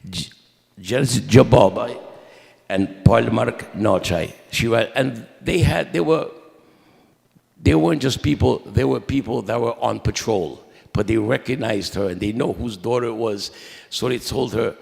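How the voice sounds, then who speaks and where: A man telling his family's history at a memorial mass, in a conversational, halting way with many restarts and quoted dialogue. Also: medium pitch, vocal fry, a little mellow, big-room sound. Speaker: eulogy speaker at a memorial mass. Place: church.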